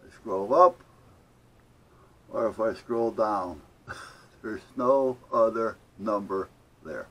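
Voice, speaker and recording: A man's voice: fairly low pitch, lively intonation, slow, long pauses, a bit bright. An older man telling an annoyed story to camera, indignantly acting out both sides of a phone call. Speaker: vlogger. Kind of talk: casual ranting story to camera.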